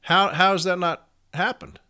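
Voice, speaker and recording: Middle-aged male union steward, impassioned repetitive delivery, bright tone. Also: sits high, fairly even intonation, moderate pace, clean tone. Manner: fervent, repetitive, preacher-like cadence. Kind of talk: impassioned talk to union members.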